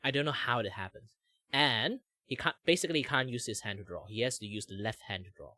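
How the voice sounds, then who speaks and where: Ein junger Mann mit malaysischem Akzent, der im lockeren Plauderton abschweift, oft „like“ einstreut und lebhaft Stimmen nachmacht. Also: male voice, mid-range voice, quick pace, no echo, clean studio sound. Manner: rambling, many "like" fillers, animated impressions. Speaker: streamer host. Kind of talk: casual chat while drawing.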